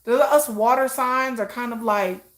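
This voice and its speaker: A woman's voice: a little high, measured pace. A middle-aged woman hosting a livestream, chatting casually in a rambling, self-mocking way. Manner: rambling, self-mocking, acts out both sides of remembered conversations. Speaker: livestream host. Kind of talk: casual chat.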